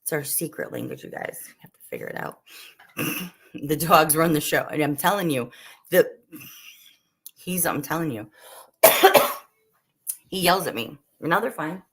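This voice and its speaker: A woman's voice: sits low, very animated, a little slow, long pauses, husky. A woman hosting a casual livestream while she cooks at home, chatting with viewers and her dogs and still coughing a little. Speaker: livestream host. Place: home kitchen. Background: dogs barking.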